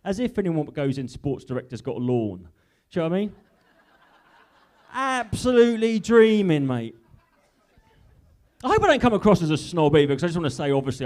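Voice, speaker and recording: This man from Norfolk, England has a slightly high voice with a darkish tone. He's performing live stand-up in an industrial unit, chatting and teasing the crowd with quick asides.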